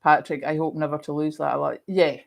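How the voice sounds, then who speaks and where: Woman, Scottish accent, middle-aged, lowish voice, chatty livestream host, slight cough. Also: a little fast, gravelly. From Scotland. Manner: chatty, animated storytelling. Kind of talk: casual chat reading viewer comments.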